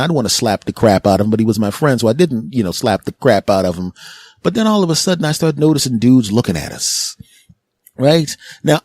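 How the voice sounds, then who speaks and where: A middle-aged man from Philadelphia rants through a comedic story on his podcast and lurches into mocking voices for the people he quotes. His voice sits at a middling pitch. The recording is close and dry, with no room sound. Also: a little mellow, dry recording. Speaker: podcast host. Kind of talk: casual comedic monologue.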